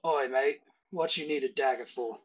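Man playing a gruff old barkeep, blunt and streetwise, husky voice, dull lo-fi sound. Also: medium pitch, moderate pace, natural voice. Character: gruff old male innkeeper.

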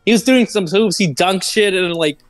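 A man's voice: sits high, normal speed, faint music behind. A man co-hosting a live stream, telling a story in a rambling, profane way full of fillers. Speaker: stream co-host. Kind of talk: casual live-stream chat.

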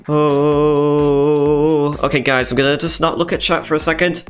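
A man streaming a game casually, swearing, yelling and laughing as he plays. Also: a little high, moderate pace. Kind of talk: casual live gaming commentary. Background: faint meme music and sound effects.

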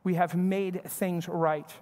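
A man's voice: high voice, flat delivery, slow, darkish tone. A male pastor preaching a sermon, talking in a conversational way and acting out short bits of family dialogue. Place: church sanctuary. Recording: church hall reverb.

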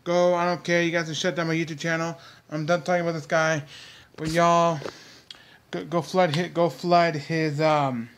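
A man's voice: a little high, flat delivery, normal speed, a bit bright. A young man hosting his own vlog, ranting heatedly and repetitively straight at his viewers. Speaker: vlog host.

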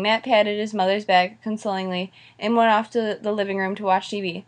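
A woman reading a children's novel aloud in a plain, steady voice. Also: mid-range voice, brisk. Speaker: audiobook reader. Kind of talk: storybook read-aloud.

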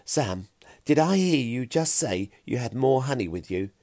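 A man voices a clever, eager Stone Age boy, pitching his medium voice above his natural range and speaking at normal speed. The delivery is bright, excited, and urgent, recorded as clean studio sound with no room echo.

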